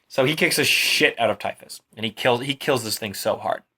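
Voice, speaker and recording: A drunk young man rambles through a Greek myth, retelling it casually and profanely. His mid-range voice is fairly quick, bright, and forceful.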